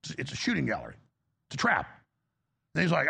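A man's voice: on the high side, wildly swooping pitch, fast, gravelly, bright, forceful tone, slightly rough. A man hosting a talk show, giving a heated, emphatic political commentary monologue with frequent restarts.

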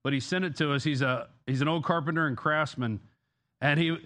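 Male studio staffer, mid-high voice, casual and hesitant. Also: fairly bright tone. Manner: hesitant, halting, with fillers. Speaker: news director.

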